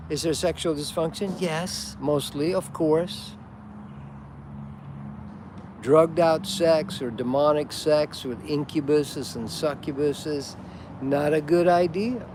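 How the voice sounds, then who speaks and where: A man's voice: fairly high pitch, slow pace, background noise. A man hosting a casual livestream, ranting bluntly and preachily, swearing often. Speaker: livestream host. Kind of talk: casual unscripted rant.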